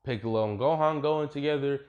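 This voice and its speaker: Young dude rambling through a fan what-if story, swears a lot, super slangy. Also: male voice, mid-range voice, quick pace, highs cut off. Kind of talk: casual fan what-if retelling.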